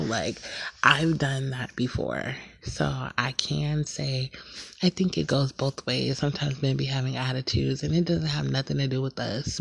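A woman hosting her own podcast in a casual, candid chat, laughing at herself now and then, talking quietly at night in a shared house. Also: extremely low pitch, creaky, slightly rough, no room sound. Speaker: podcast host.

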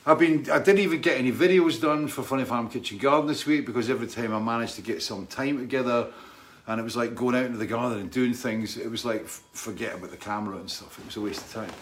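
A middle-aged man from Britain hosts a casual live stream. He rambles and restarts his sentences, greeting viewers warmly by name. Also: mid-range voice, fast talker. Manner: rambling, friendly, reads out viewer names. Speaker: livestream host.

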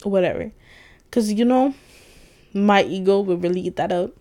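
On her solo podcast, a young woman vents late at night in a rambling, frank monologue full of slang and swear words. She speaks at a moderate pace in a mid-range, darkish voice.

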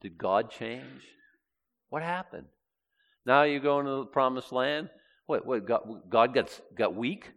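A man preaching a sermon, reading scripture aloud and swinging between loud and hushed delivery. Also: mid-range voice, expressive, takes it slowly.

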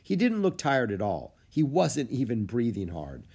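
A man's voice: medium pitch, a little slow, vocal fry, husky. Man reading a children's story. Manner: lively storytelling. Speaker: narrator. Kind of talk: audiobook reading of a children's book.

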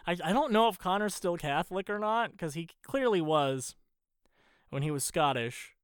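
A man casually recapping a movie, animated and swearing a lot, acting out the characters' lines as he goes. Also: fairly high pitch, clean tone, no room sound, studio quality.

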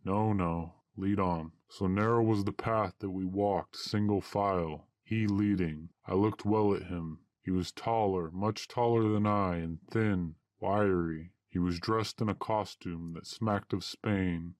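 Male narrator for an old-fashioned adventure tale, measured and archaic, very deep voice, dry close recording. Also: fairly even intonation, a little mellow, no echo.

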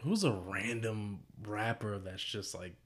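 A man's voice: lowish voice, takes it slowly, a bit bright. A man co-hosting a podcast in casual chat, laid-back, asking questions and laughing along. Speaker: podcast co-host.

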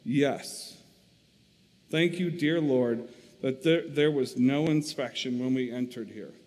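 A man's voice: mid-range voice, slow, a little mellow, close to an everyday voice. A man reading aloud the lines of a devout young woman, earnest and plain. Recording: long reverb.

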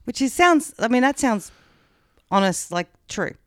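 Frank, chatty Australian woman co-host; smooth voice, dry close sound. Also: fairly high pitch, sing-song, a little slow, no room sound. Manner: chatty, frank, swears, many fillers. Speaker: podcast co-host. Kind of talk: casual chat, retelling a true-crime story.

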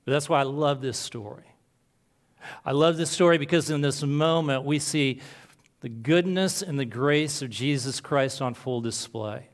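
A male pastor preaching a sermon earnestly, moving between soft, slow passages and emphatic lines. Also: a little high.

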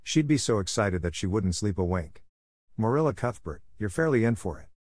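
A strict, sharp-tongued older spinster speaks in a brisk, scolding manner, as a man reads her part. The voice sits fairly low and is recorded close and dry. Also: big pitch swings, no echo. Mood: stern.

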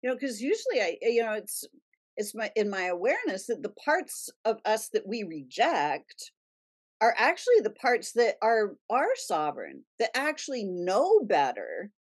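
A woman's voice: mid-range voice, wildly swooping pitch, moderate pace. A woman hosting a spiritual talk show, speaking animatedly and acting out the inner voices she describes. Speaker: podcast host. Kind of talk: casual spiritual conversation.

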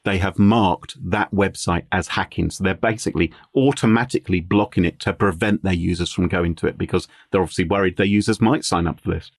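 A man co-hosting a podcast, chatting casually in a wry, joking way with quick asides. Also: deep voice, fairly even intonation, no echo, clean studio sound. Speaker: guest co-host.

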